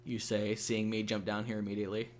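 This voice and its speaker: A man's voice: fairly low pitch, completely flat delivery, fast, slight background noise. A young man hosting a gaming channel, chatting casually and rambling with lots of fillers and swearing while he plays. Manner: rambling, many fillers and restarts, swears freely. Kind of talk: casual gameplay chat.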